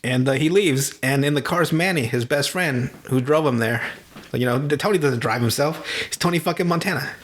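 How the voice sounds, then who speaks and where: A young man hosting a podcast, casually retelling a movie with lots of laughs, swearing and quick impressions of the characters. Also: medium pitch. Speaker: podcast host.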